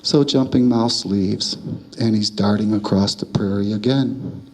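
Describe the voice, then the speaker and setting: Low-voiced male storyteller, calm and measured. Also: a little hiss or hum, poor audio. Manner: calm, measured, repetitive cadence. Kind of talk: oral storytelling of a traditional tale.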